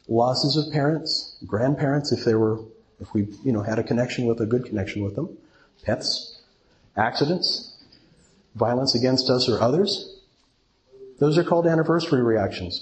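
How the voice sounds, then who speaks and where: A man's voice: medium pitch, a little mellow, slight background noise, rough recording. A middle-aged man giving an earnest recovery talk to a meeting audience and asking them questions. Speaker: twelve-step speaker.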